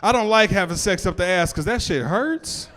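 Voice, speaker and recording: A man's voice: high-pitched, animated, normal speed, fairly bright tone, a little hiss or hum. A man doing stand-up on a club stage, loose and conversational, who also freestyles raps. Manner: loose, conversational, lots of "you know what I'm saying". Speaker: stand-up comedian. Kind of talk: stand-up set with freestyle rap. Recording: hall reverb with music.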